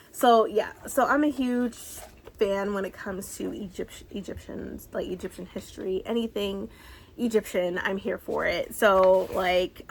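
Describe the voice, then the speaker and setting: A woman in her thirties chatting excitedly through a book haul, gushing and sometimes dropping to a whisper. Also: mid-range voice, measured pace, gravelly, slight background noise. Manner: bubbly, excitable, gushing, slips into soft whispers. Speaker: book vlogger. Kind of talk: casual book haul chat.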